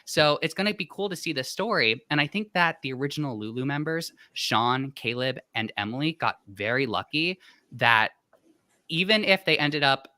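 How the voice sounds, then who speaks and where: Bright-voiced man co-hosting a podcast. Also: medium pitch, lively intonation, moderate pace, no room sound, studio quality. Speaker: podcast co-host. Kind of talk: casual podcast discussion.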